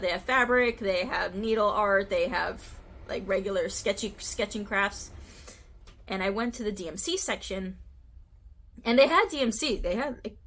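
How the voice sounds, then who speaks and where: An American woman vlogging about her craft trip in a loose, chatty way. She giggles often and keeps talking through fillers and restarts. Her voice sits at an ordinary middle pitch. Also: fairly bright tone. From United States. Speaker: cross-stitch vlogger. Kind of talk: casual chat to camera.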